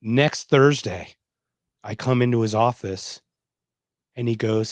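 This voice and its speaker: A middle-aged man hosts a podcast and spins a long personal story with emphatic, animated delivery, voicing the people he quotes. His voice sits at an ordinary pitch and is recorded close and dry on a podcast mic, with no room sound at all. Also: slow, pauses often, no echo. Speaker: podcast host. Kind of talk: casual conversational storytelling.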